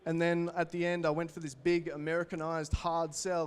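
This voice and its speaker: A young Australian man in his twenties gives an energetic motivational keynote talk, telling stories and addressing the audience directly. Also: a little high, normal speed, clear, resonant tone. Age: 20s. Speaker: keynote speaker.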